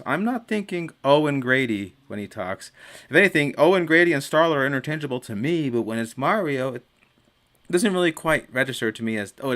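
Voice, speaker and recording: A man's voice: mid-range voice, fairly bright tone. A man hosting a casual podcast chat, rambling and laughing at his own jokes. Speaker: podcast host.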